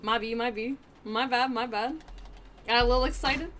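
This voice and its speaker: A woman streamer commentates her own gameplay live, excitable and playful, laughing often and trash-talking other players. Her voice is fairly high at a moderate pace, with a little hiss or hum on the recording.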